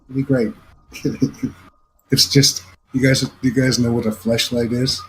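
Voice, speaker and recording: A young man at a tabletop game speaks in a middle-pitched voice, cracking crude jokes. His tone is casual and teasing. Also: flat delivery, a little slow, a little hiss or hum, poor audio. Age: young adult. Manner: crude, joking. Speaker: player.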